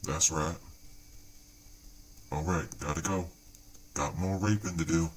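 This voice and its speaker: Man doing a creepy ghost, sleazy and smug, very deep, slow, husky. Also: steady tone, exaggerated voice. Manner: smug, leering, mock-casual. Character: sleazy, boastful male ghost of a dead predator. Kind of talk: comedy sketch voice via a spirit board.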